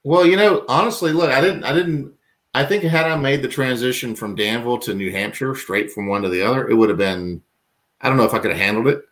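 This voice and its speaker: A man's voice: mid-range voice, brisk, fairly bright tone. Rambling, self-mocking man from Virginia. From Virginia, US South. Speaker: podcast guest. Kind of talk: casual interview chat.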